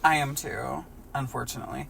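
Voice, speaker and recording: A podcast host reads fan fiction aloud for laughs, stopping to add jokey asides. The voice is gravelly and mid-pitched. Faint hiss sits behind it. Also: steady tone, brisk, a bit bright. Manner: laughing asides between lines. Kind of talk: comedic reading of fan fiction.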